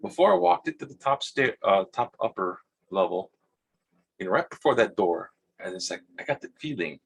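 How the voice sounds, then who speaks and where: A man with a Hawaiian accent telling a rambling personal story, halting, repeating words and acting out quotes in a husky voice. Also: on the low side, sing-song. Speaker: vlogger.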